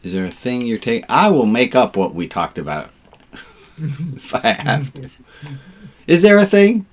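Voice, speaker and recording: A man's voice: mid-range voice, very animated, measured pace. A man leading an informal online service as rabbi, chatting and cracking puns with his congregation over a video call. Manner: jovial, punning, chatty with the congregation.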